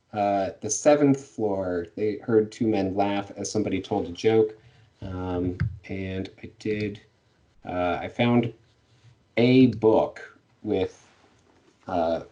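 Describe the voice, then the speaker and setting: A man's voice: fairly low pitch, mellow, distant mic, muffled recording. A man chatting casually about a novel with his co-host. He hesitates with ums and laughs easily, and he sits a little back from the microphone. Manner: laughs often, hesitant with fillers. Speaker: podcast co-host. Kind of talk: casual book discussion.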